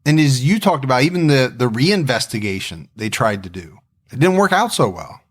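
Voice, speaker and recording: A man co-hosting a podcast at a medium pitch, with nothing unusual about his voice. He talks in a loose, reflective way and often restarts his sentences. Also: big pitch swings, moderate pace, slightly rough. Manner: reflective, conversational, frequent restarts. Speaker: podcast co-host. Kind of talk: casual podcast chat.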